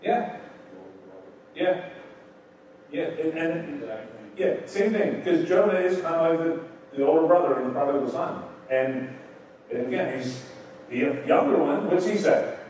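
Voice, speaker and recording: A man's voice: a little high, unhurried, long pauses, a little mellow, slight background noise. Man preaching in an echoey hall. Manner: expository Bible teaching with questions to the congregation. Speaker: pastor. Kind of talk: sermon. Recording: roomy echo, distant mic.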